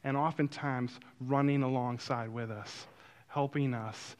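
A man telling a personal story in a sermon-like way, acting out quotes and then turning soft and reflective. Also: mid-range voice, a little slow. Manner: animated, acts out quotes, drops to a soft reflective tone.

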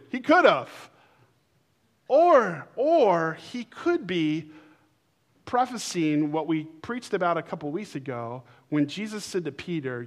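Animated high-voiced male preacher. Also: a little slow. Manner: animated, conversational preaching with bursts of shouting. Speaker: pastor. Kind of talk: sermon. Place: church sanctuary.

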